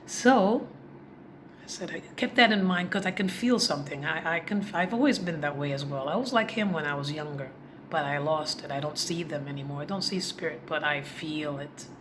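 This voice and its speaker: Low-voiced woman confiding a story. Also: moderate pace. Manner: heartfelt and confiding, addresses viewers directly. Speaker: vlogger. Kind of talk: personal storytelling to camera. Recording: noisy background.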